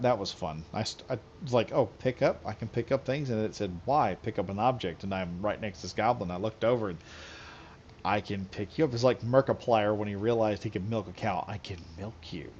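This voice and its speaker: Rambling loosely through a late-night game live stream, this man chats casually and chuckles a lot. He has a lowish, slightly mellow voice, captured in slightly dull lo-fi audio with a bit of hiss or hum.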